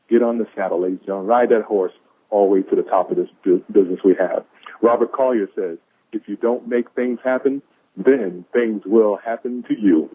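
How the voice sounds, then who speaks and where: A man giving an enthusiastic, preachy motivational talk on a conference call, repeating lines for emphasis. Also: lowish voice. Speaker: caller sharing quotes of the day. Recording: tinny phone line.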